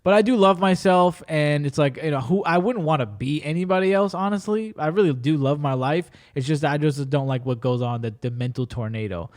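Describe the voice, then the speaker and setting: A man's voice: fairly high pitch, brisk, hardly any pauses. A man hosting a podcast, chatting casually and telling stories in slang, often breaking off and restarting mid-sentence. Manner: animated storyteller with slang and frequent self-interruptions. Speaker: podcast host.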